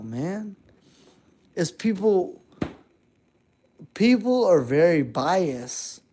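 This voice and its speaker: A man giving a heated, profane late-night rant, swinging between shouting and muttering. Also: on the high side. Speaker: vlogger.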